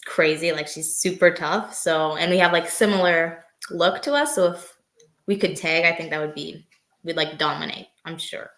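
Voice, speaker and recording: A woman's voice: fairly low pitch, steady tone, moderate pace, a bit bright, reverberant. A woman wrestler answering interview questions in easygoing casual chat, full of "like" and "um.". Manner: easygoing, heavy use of "like" and "um". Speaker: guest wrestler.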